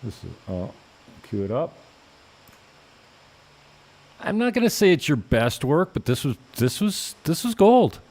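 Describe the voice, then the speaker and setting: A man's voice: a little high, wildly swooping pitch, moderate pace, darkish tone. A man hosting a casual podcast chat, loose and joking, with some cheerful swearing. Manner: loose, joking, profane banter. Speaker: podcast host.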